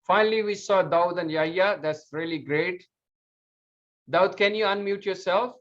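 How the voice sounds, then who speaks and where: A man's voice: sits high, a little slow, a bit bright. A man hosting an online community meeting, speaking in a friendly, encouraging way with non-native phrasing. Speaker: event host. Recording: dull lo-fi call audio.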